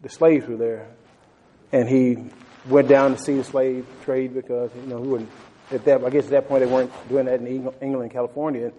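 A man preaching with fervor, his tone warm and mellow. He tells a story from the pulpit, often restarting his sentences and turning to the listeners with questions. Faint ambience sits behind him. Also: medium pitch, little pitch movement, a little fast, highs cut off, a little hiss or hum. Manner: fervent, stumbling restarts, frequent "man". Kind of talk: sermon with storytelling.

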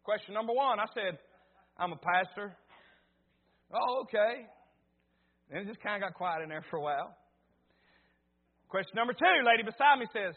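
A man preaching, his voice pitched unusually high. He tells stories in a folksy, stammering way, then pushes up into loud exhortation. The recording is thin and tinny, like it came over a phone. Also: lively intonation, normal speed, long pauses. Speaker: pastor. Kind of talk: sermon with personal story.

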